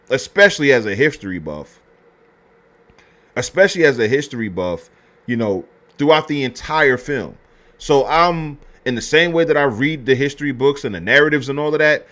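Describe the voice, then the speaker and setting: A man's voice: mid-range voice, fairly bright tone. A man hosting a history show, reviewing a film in loose, casual talk full of slang, fillers and restarts.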